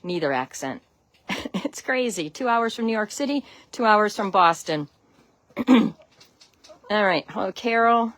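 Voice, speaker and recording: A woman's voice: mid-range voice, animated, measured pace, pauses often, fairly bright tone, dry recording. A woman from Connecticut with a Connecticut accent, hosting a casual live stream from her outdoor chicken run, greeting viewers by name and laughing often, on a phone she carries as she walks. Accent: Connecticut (American). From Connecticut, USA. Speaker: backyard chicken keeper, livestream host.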